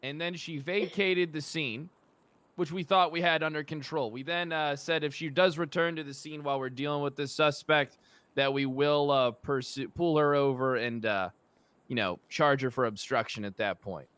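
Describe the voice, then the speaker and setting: A man's voice: fairly high pitch, fairly even intonation, moderate pace, smooth, dry recording, natural voice. A man playing a blustering cop giving testimony. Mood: testifying. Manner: mock-formal testimony with mimicking shouts. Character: blustering male police officer. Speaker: police officer testifying in roleplay court.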